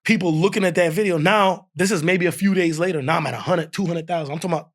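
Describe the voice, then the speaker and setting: A fast-talking man with a voice on the high side tells a funny story as a podcast guest. Casual and animated, he laughs often and acts out the things other people said.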